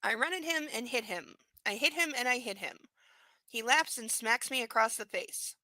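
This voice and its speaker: Woman streamer reading a novel aloud, sarcastic asides, slightly high, bright dry sound. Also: moderate pace, no room sound, low-quality recording. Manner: sarcastic, blunt commentary; cooing baby talk to her dog. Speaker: book reader and streamer. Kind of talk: live-streamed book reading with commentary.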